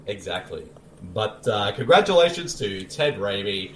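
A man's voice: fairly low pitch, sing-song, a little slow, reverberant. A man co-hosting a casual podcast, announcing mock awards in a playful, ceremonial way and swearing for laughs. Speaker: podcast co-host.

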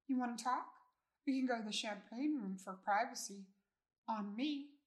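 A woman putting on a breathy squeaky young stripper girl, sweet and coaxing, pitched way up. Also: normal speed, lightly acted. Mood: sympathetic.

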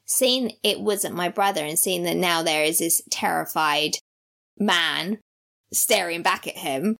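Female podcast co-host, gravelly, lively casual storyteller. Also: lowish voice, unhurried. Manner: animated storyteller, laughs mid-sentence, acts out voices.

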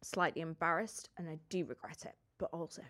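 A woman's voice: low-pitched, fairly quick. A young adult woman co-hosting a podcast, casually chatting, laughing and swearing as she reads out listener messages. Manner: laughing, swearing, animated reading. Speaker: podcast co-host. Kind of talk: casual chat, reading listener messages aloud.

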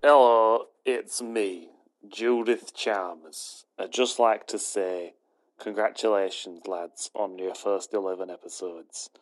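A gushing, polite lady TV presenter, as a man puts her on. The voice sits deep and the delivery is slow, full of fond congratulations. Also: fairly even intonation, low-quality recording. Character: impression of a famous older woman TV presenter.

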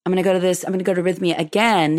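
A woman's voice: fairly low pitch, steady tone, very fast, darkish tone, natural voice. A woman acting out the lines of an enthusiastic friend who insists she must go. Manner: eager, emphatic.

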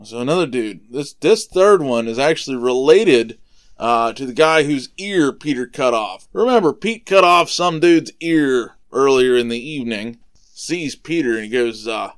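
A man hosting a podcast, casually retelling a Bible story for children, relaxed and conversational, explaining things simply. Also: mid-range voice, normal speed, clear, resonant tone. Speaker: podcast host retelling Bible stories for kids.

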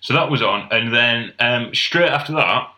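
A young man from North East England chats casually as a podcast co-host, spinning dry, sweary anecdotes. His voice is bright and forward, and the room around him rings with echo. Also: medium pitch, moderate pace. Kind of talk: casual chat.

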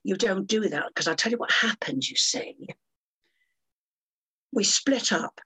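A woman's voice: medium pitch, animated, measured pace, pushed and bright, breathy edge, low-quality recording. An older woman telling stories as a guest on an interview podcast, in a dramatic, theatrical way. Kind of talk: storytelling interview.

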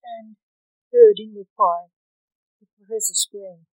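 Slow, deliberate woman reading a gothic tale. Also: mid-range voice, no echo, rough recording. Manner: slow, deliberate storytelling delivery. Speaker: podcast host and storyteller. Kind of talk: reading a gothic short story aloud.

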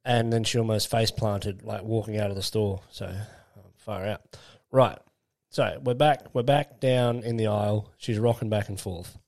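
A man's voice: fairly low pitch, steady tone, moderate pace, hardly any pauses, a little mellow. Crude, rambling man in his late twenties. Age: late 20s. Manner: crude, rambling, laughs while telling stories. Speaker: podcast co-host. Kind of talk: casual storytelling chat.

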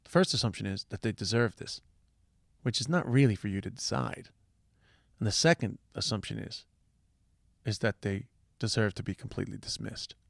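Gravelly man ranting with swearing. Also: fairly low pitch, normal speed, no room sound, clean studio sound. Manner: heavy swearing, rambling restarts, impassioned. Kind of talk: casual opinion monologue.

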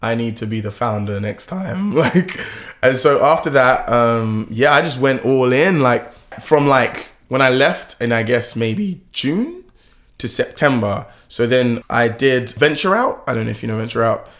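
Young guy telling startup stories, animated, laughs a lot. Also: a little slow. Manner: animated, laughs often, lively pitch swings. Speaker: founder, interview guest. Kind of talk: casual interview storytelling.

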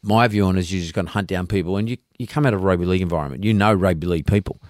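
A low, deep-voiced middle-aged man with an Australian accent, talking in an emphatic, folksy way as a podcast host. He circles back and repeats his points. The sound is close and dry, with no room echo. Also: very fast. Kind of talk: casual interview chat.

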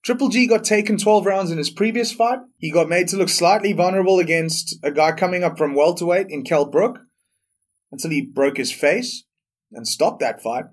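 A man's voice: high voice, moderate pace. A young man hosting a solo sports podcast, blunt, profane and opinionated. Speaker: podcast host.

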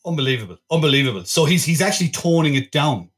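A man's voice: a little high, animated, quick pace, noisy background. A man hosting a casual film-review podcast. He talks in a wry, chatty way and often restarts his sentences. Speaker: podcast host.

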